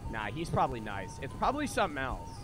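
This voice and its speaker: Rich: A young man streaming a horror game live, talking loosely and profanely to his chat as he plays. His voice sits at an ordinary middle pitch, and game music plays steadily behind him. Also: huge pitch swings, fast. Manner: casual, profane, chatty with viewers. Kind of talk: live gameplay commentary.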